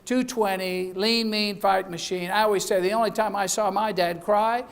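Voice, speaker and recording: A man's voice: high voice, steady tone, moderate pace, gravelly. Middle-aged man, school founder, delivering a playful graduation speech with frequent jokes. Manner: chatty, jokey, laughs at his own jokes. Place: event hall.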